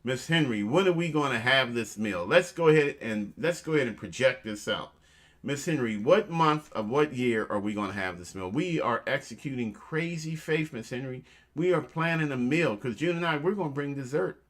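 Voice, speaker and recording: A man hosts a relaxed chat show with a playful, teasing streak, cracking jokes one moment and giving earnest motivational advice the next. His pitch sits in an ordinary middle range, and he keeps addressing listeners as family. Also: normal speed. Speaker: host.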